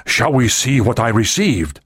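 A man voicing an aging male oracle who speaks slowly and quietly in an audiobook. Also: mid-range voice, very animated, slightly rough, dry recording, clean studio sound, full character voice. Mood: solemn. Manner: slow, quiet. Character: aging male oracle, weary then eager.

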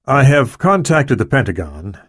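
A man's voice: medium pitch, big pitch swings, normal speed, fairly bright tone, breathy edge, no room sound, clean studio sound, pitched above the performer's own voice. A man voicing a matter-of-fact male spy official in an audiobook.

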